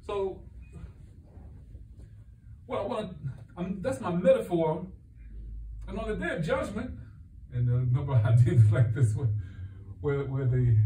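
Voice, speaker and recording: A man's voice: mid-range voice, warm tone, slight background noise. Male counselor, casual religious talk with acted-out anecdotes, distant reverberant hall recording. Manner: storytelling, acts out dialogue in quotes. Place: mosque hall. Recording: echoey hall, far from mic, tinny phone-like sound.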